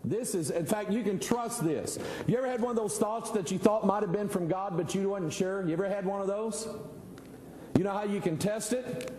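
A man's voice: high-pitched, dark tone, echoey room, big-room sound, slight background noise, rough recording. A middle-aged male pastor, preaching a folksy, conversational sermon full of rhetorical questions.

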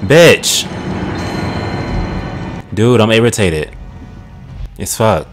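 A man's voice: sits low, animated, moderate pace. A young man doing let's play commentary, swearing a lot and talking at the screen. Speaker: gaming channel host. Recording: game music behind the voice. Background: game music.

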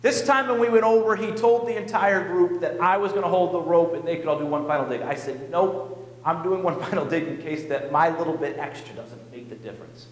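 A male pastor telling a personal story in an animated, self-mocking way during a sermon in a church. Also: on the high side, fairly quick. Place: church sanctuary. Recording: echoey church hall.

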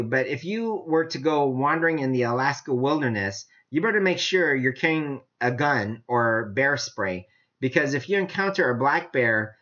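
A male preacher giving a casual, chatty sermon with lots of laughter. His voice sits at a middle pitch and is captured on a dull, lo-fi recording. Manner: animated, chatty, laughs often. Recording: dull lo-fi sound.

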